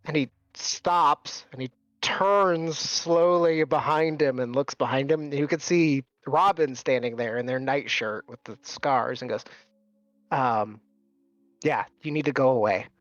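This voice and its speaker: A man's voice: mid-range voice, fairly even intonation, slow pace, fairly bright tone, no room sound. A man running a tabletop game as game master, narrating casually with many fillers. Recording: dull, dry recording.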